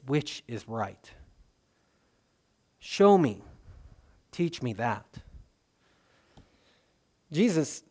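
A man preaching a sermon in a conversational way, with swings in loudness and frequent fillers and restarts. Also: medium pitch. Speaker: pastor.

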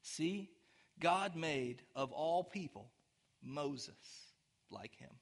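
A man's voice: a little high, animated, extremely slow, gravelly. A man preaching a sermon as pastor, talking conversationally with the congregation and building to emphatic, rising peaks.

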